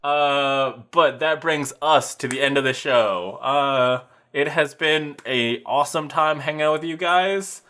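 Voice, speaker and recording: A man's voice: on the high side, unhurried, hardly any pauses, sharp tone. A man hosting a podcast in casual chat, rambling through jokey plugs and announcements. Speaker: podcast host.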